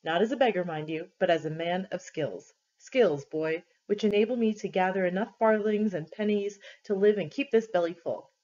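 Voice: medium pitch, normal speed, hardly any pauses, a little mellow, natural voice. A reader voicing a domineering, leering male juggler who boasts and barks demands, in a story read aloud for a class, on a dull lo-fi recording. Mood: boastful. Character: boisterous wandering male juggler, big-bellied, domineering.

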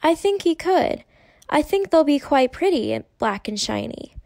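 A woman's voice: high-pitched, big pitch swings, normal speed, darkish tone, no echo, clean studio sound, voice pushed up. A woman voicing a poised, imaginative young girl who speaks in a sophisticated, theatrical way. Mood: bright.

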